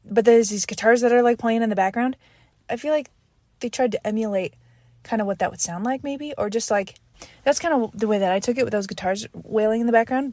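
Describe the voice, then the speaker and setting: A young woman talks through an album track by track, eager and rambling, often restarting her sentences. Her voice sits at an everyday pitch. The sound is dry and close, with no room around it. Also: darkish tone, no echo. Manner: rambling, enthusiastic, many fillers and restarts. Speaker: podcast host reviewing an album. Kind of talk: casual solo album review.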